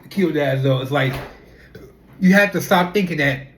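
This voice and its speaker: A young adult speaker, chatting straight to camera. The talk is loose and animated, looping through rhetorical questions and repeated fillers. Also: mid-range voice, normal speed, slight background noise. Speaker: vlogger. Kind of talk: casual talking-to-camera monologue.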